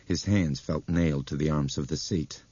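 Deep, husky male audiobook narrator. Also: normal speed, warm tone, no echo. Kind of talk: scripted narration. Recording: dry, dull close-mic audio.

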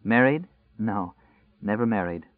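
A man reading a wistful, guarded woman schoolteacher in her late thirties, speaking softly in a restrained way. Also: lowish voice, unhurried, no echo, lightly acted. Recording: dry, tinny phone-like sound.

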